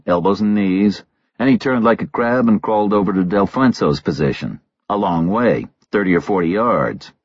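A man narrating a thriller audiobook in a measured, terse delivery on a slightly dull recording. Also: low-pitched, no echo.

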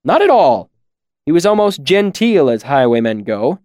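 A man's voice: a little high, sing-song, moderate pace, a little mellow, dry recording, clean studio sound, pitched above the performer's own voice. A man voicing an angry scribe who speaks in a clipped, cutting way. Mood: indignant. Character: indignant male scribe, sharp-tongued.

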